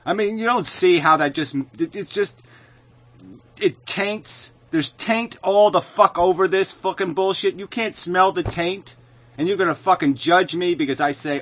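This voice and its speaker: A man giving an angry, sarcastic commentary, full of swearing and loud outbursts. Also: high-pitched, moderate pace. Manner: profane, sarcastic, shouting in bursts. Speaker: video commentator. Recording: tinny phone-like sound.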